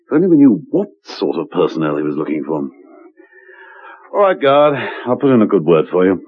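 Steed, a dry, suave secret agent. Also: male voice, low voice, wildly swooping pitch, a little fast, phone-quality sound. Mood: probing.

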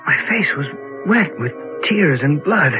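A man's voice: fairly high pitch, expressive, measured pace, over music. An actor playing a young man lost in a cave, narrating his ordeal earnestly in an old radio drama. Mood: frightened. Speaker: narrator and hero. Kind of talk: 1950s radio drama acting. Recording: dull lo-fi old radio recording.

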